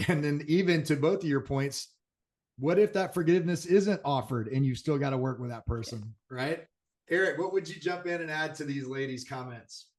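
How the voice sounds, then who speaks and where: A man's voice: a little high, moderate pace, a little mellow. Affirming male podcast host. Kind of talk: panel discussion.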